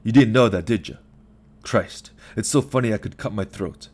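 A man's voice: lowish voice, normal speed, a little mellow. A man voicing an agitated lawyer who swears and rants in self-pity on the phone. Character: bitter drunk-sounding male lawyer, ranting.

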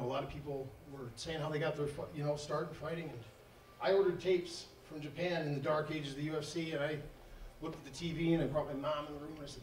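A man telling a rambling story to a live audience, laughing and acting out the dialogue. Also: a little high. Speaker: event speaker telling a fight story. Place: event hall. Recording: echoey hall, distant mic, faint noise.

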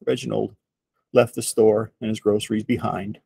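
A man reading a picture book aloud to children in an expressive storytelling voice. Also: on the low side, creaky, breathy edge, no room sound. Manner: slow, expressive read-aloud.

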